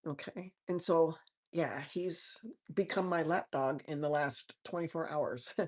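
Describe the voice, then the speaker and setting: A woman's voice: low-pitched, a little mellow. A woman doctor hosting a live question-and-answer stream, talking to viewers in a chatty, folksy way with homey slang and frequent restarts.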